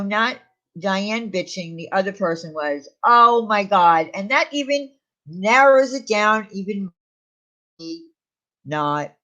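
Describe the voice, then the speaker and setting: A woman's voice: fairly high pitch, a bit bright. Chatty woman on a muffled stream. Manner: chatty, answers viewers' comments aloud. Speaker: streamer reading chat. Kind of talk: casual live-stream chat. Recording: dull lo-fi stream audio.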